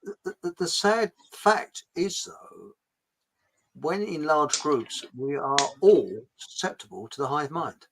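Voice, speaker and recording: A man hosting a casual talk show, rambling and jokey, swinging between loud and quiet. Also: a little high, lively intonation, takes it slowly, creaky, slight background noise, poor audio. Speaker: show host. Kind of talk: casual political chat.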